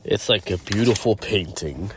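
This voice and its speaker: A man's voice: lowish voice, moderate pace, fairly bright tone, slight background noise, close to an everyday voice. A man doing a dry, serious inner voice. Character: stern, sensible male inner voice.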